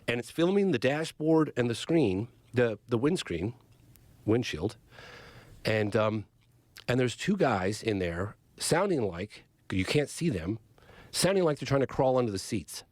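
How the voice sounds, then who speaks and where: A middle-aged man from Northern California, a documentary filmmaker who is a podcast guest, excitedly retelling a story and acting out the quotes. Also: mid-range voice, measured pace, no room sound. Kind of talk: animated storytelling in conversation. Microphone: studio podcast mic.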